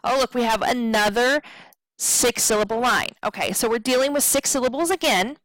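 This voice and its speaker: A woman's voice: on the high side, moderate pace, a bit bright, dry recording, rough recording. A woman teaching a poetry lesson, patiently counting syllables aloud and checking in with her students.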